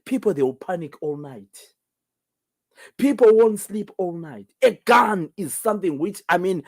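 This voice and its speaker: A man's voice: high-pitched, darkish tone. A Zimbabwean man, a native Ndebele speaker, hosting a call-in talk show alone, emphatic and firing off rhetorical questions. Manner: emphatic, many rhetorical questions, repeats himself. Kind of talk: solo call-in show commentary.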